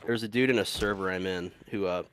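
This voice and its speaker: A man's voice: low-pitched, quick pace, slight background noise. A man streaming a video game, chatting casually with a friend in a laid-back, swearing, dry way. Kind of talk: casual gameplay chat.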